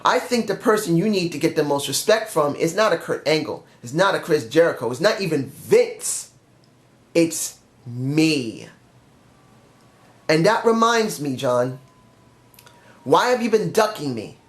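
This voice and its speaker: A man talks through a wrestling storyline in a casual monologue, earnest and emphatic, repeating his points. His voice sits somewhat high for a man. The room adds a noticeable echo. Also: expressive, a little slow. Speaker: wrestling fan pitching a storyline. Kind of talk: casual fantasy-booking monologue. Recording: roomy echo.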